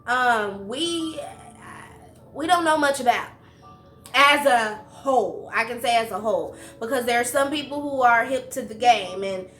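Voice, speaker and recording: Bright, high-voiced woman hosting. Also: a little slow, roomy sound, soft background music. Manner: animated, laughs often, slangy. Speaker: host. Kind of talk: casual interview.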